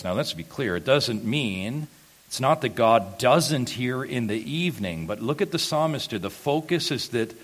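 A man's voice: medium pitch, animated, moderate pace, husky. A pastor preaching an earnest sermon to his congregation, rising to emphatic peaks. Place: church sanctuary.

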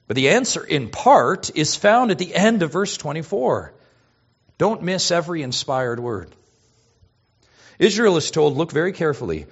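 Male pastor, sermon, animated pitch, hushed asides and loud emphasis, muffled lo-fi recording. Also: unhurried, slightly rough. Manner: expressive preaching, swinging between loud emphasis and hushed asides.

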